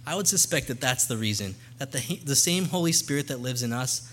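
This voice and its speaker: A man's voice: medium pitch, lively intonation, brisk, a bit bright. A young man speaking as a missionary guest to a church congregation, earnest and conversational, into a microphone. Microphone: handheld or stand mic.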